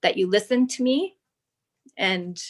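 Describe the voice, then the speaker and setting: A woman in her thirties, a fitness client, talking slowly and thoughtfully in a casual chat and at times reading from her notes. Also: medium pitch. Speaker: client giving a testimonial. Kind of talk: casual video call chat.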